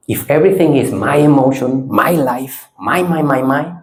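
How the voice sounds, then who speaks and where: A man who is a Buddhist monk giving a retreat talk, speaking non-native English with simple phrasing, playful and animated, swinging from lively to hushed. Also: mid-range voice, normal speed, few pauses. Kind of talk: dharma talk with audience exercises.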